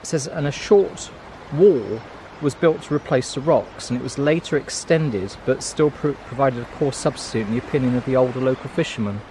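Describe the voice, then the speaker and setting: A man's voice: mid-range voice, fairly quick, few pauses, dark tone, slight background noise, poor audio. A man co-hosting a walking vlog, reading plaques aloud and teasing his companion. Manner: dry, teasing. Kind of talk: casual chat, reading signs aloud. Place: outdoors on a coastal walk.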